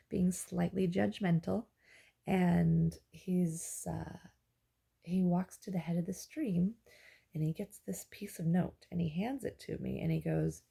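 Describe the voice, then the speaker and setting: Gravelly, husky woman rambling through a dream. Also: on the low side, mellow. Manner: rambling, halting with fillers and restarts. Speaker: dream journaler. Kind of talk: casual spoken dream recounting.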